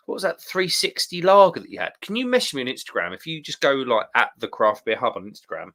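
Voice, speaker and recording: A man's voice: mid-range voice, pushed and bright. A man hosting a casual beer live stream, chatting, reading out viewer comments and calling people mate. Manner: chatty, laughs often, calls people mate.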